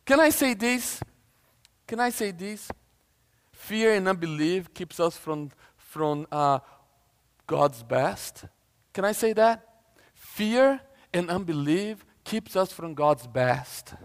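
A male preacher giving a lively sermon, retelling a story casually and acting out the voices of its people. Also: sits high, slow, pauses often, clean tone, big-room sound. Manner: animated storytelling, acts out voices, casual asides.

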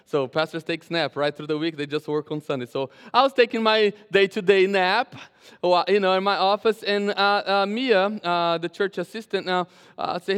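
A male pastor preaching a sermon and telling a story, animated, often restarting and repeating his phrases. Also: high voice, normal speed, clear, resonant tone, big-room sound. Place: church sanctuary.

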